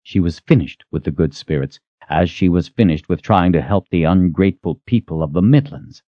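A man narrating an audiobook with expressive storytelling. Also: deep voice, normal speed, dry recording. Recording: dull, dry lo-fi recording.

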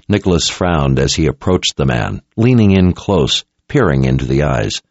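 A man reading fantasy fiction aloud in a measured, dramatic storytelling style. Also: sits low, expressive, gravelly, a little mellow, no echo. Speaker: audiobook narrator. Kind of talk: scripted fantasy narration. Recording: dull lo-fi recording.

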